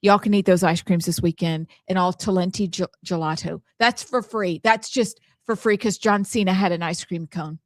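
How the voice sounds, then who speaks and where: A woman's voice: fairly low pitch, steady tone, moderate pace, hardly any pauses, no echo. A woman co-hosting a talk show, chatty and exclamatory. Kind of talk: casual chat.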